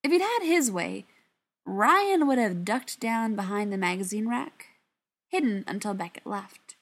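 A woman narrating a novel aloud in an unhurried reading voice. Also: medium pitch, animated. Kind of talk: audiobook narration.

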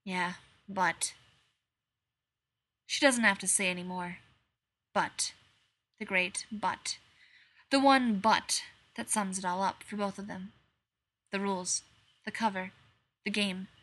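A woman reads a dark story aloud in a measured way. Her voice is bright and clear, pitched in a middle range. She slows down on the grim passages. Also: steady tone. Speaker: reader. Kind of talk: dark fan fiction narration.

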